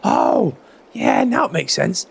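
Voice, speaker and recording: A man voicing a cheerful, chatty male farmer neighbour in a game roleplay, with a raspy, wobbly voice full of admiring "oh"s. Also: fairly high pitch, huge pitch swings, slow, heavily acted. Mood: impressed. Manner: friendly, impressed, lots of "oh"s.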